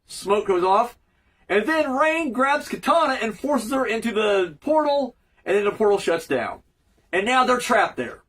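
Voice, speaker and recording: Lively high-voiced man recapping casually. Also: unhurried, poor audio. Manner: rambling, profane, joking asides. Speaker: cartoon reviewer.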